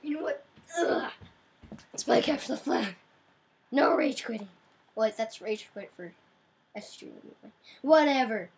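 A young woman giving casual gameplay commentary, excitable, crying out in frustration now and then. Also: a little high, measured pace, pauses often, a little hiss or hum, low-quality recording. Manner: excitable, yelps and cries out in frustration. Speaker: gamer.

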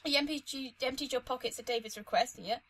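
A young woman commentating her own playthrough of a story game, chatty and excitable, talking to herself and the screen. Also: sits high, quick pace, low-quality recording. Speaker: let's play host. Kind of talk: gaming commentary.

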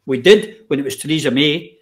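Emphatic host. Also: male voice, fairly high pitch, a little fast. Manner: emphatic, with pointed rhetorical questions. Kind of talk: conversational political interview.

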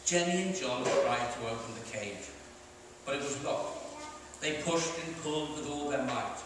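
A man's voice: medium pitch, normal speed. A man from Sweden, an author, reading his storybook aloud to children in a library. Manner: clear, expressive storytelling. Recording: echoey hall from far off, noisy.

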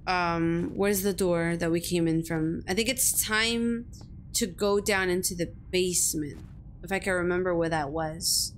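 A woman's voice: on the low side, unhurried, a little hiss or hum. A young woman streaming a horror game, jumpy, swearing freely and talking back at the game as she plays. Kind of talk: live-streamed gameplay commentary.

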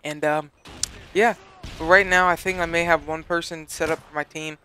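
A man's voice: on the high side, fairly even intonation, moderate pace, pushed and bright, slight background noise. A teenage boy giving casual, rambling gameplay commentary, swearing freely and filling his talk with "like". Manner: rambling, profane, full of "like" fillers. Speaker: gaming channel host.

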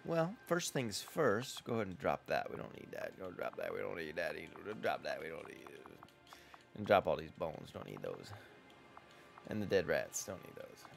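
A man talking his way through a survival game in casual let's-play commentary. His voice swings widely and lively, from quiet muttering to sudden yelps when something startles him. Faint game music plays behind him. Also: extremely low pitch, moderate pace, vocal fry. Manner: chatty, talks to himself and to game characters, yelps at scares. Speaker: gamer playing a survival game.

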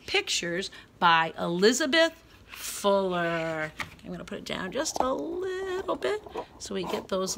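A woman teaching a guided reading lesson for young children, sounding out letters clearly, reading quoted words loudly, and praising them often. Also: medium pitch. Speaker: preschool teacher.

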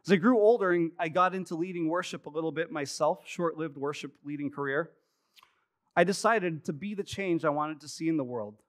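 A pastor in his thirties preaches a sermon to his congregation during a live service in the church sanctuary. His voice is a little high and brisk, and he tells stories in a chatty way, poking fun at himself.

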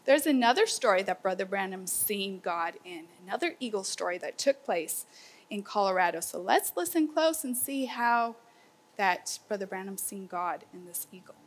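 A woman teaching a children's Bible lesson, asking the class lively questions. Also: mid-range voice, moderate pace. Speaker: homeschool teacher.

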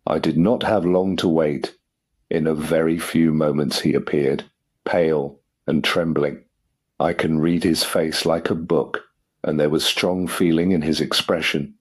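A man narrating an audiobook for English learners in a measured, formal way. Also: low-pitched, breathy edge.

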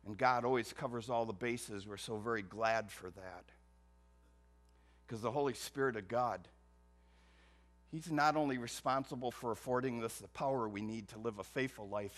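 A man's voice: lowish voice, a bit bright. A man preaching a sermon as pastor, emphatic, with rhetorical questions. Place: church.

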